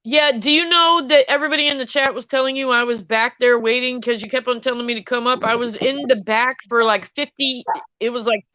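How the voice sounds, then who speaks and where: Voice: mid-range voice, steady tone, a little fast, pushed and bright, clean tone, dry recording, highs cut off. A guest on a casual livestream chat, chatty and teasing, laughing easily.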